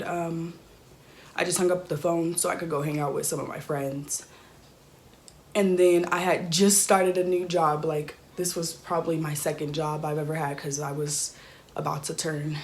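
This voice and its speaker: A young woman telling an emotional personal story in a halting, soft-spoken way with many fillers. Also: lowish voice, a little hiss or hum. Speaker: YouTuber.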